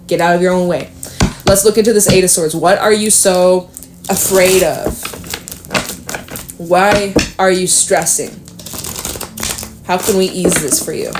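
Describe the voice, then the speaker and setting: A woman's voice: on the low side, steady tone, a little slow, long pauses, background noise. A woman giving a casual tarot reading to the camera, chatty and upbeat, swearing freely and laughing often as she talks straight to her viewers. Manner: upbeat and encouraging. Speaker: tarot reader.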